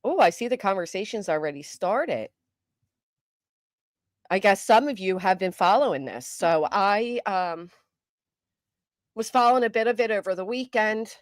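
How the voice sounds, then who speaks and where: A middle-aged woman hosting a live stream, chatting casually with viewers, greeting them by name, and talking fast and loud. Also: mid-range voice, expressive, dry recording, studio quality. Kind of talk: casual live chat, reading comments.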